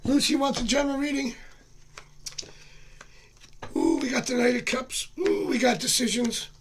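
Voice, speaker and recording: A man's voice: very high voice, fairly even intonation, moderate pace, slight background noise. A man giving casual, chatty tarot readings on a live stream, rambling and joking as he goes. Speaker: tarot reader. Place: home.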